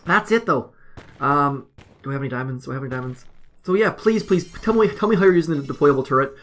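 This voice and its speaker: A man's voice: medium pitch, quick pace. A man casually commenting as he plays a mobile strategy game, rambling and self-deprecating. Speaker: mobile game video host.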